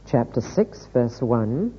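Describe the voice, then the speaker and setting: A man's voice: mid-range voice, sing-song, mellow, a little hiss or hum. Man preaching in an echoey hall. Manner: measured, deliberate reading aloud. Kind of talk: sermon with scripture reading. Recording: echoey hall, dull lo-fi sound.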